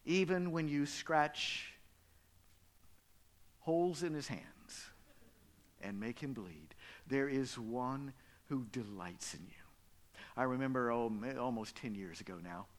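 A man preaching a sermon as pastor, telling stories and dropping from loud emphasis to hushed whispers. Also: mid-range voice, expressive, slow pace, pauses often. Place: church.

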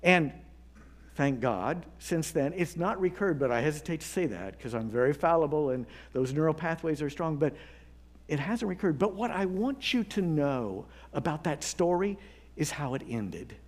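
A man pastor delivering a sermon, telling a story with earnest pauses and building to emphatic appeals. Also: fairly high pitch, lively intonation.

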